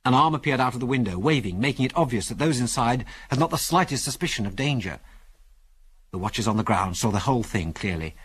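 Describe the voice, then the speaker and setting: A man's voice: mid-range voice, slightly rough. A man narrating an adventure story in a dramatic, storytelling manner. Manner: dramatic storytelling, animated delivery.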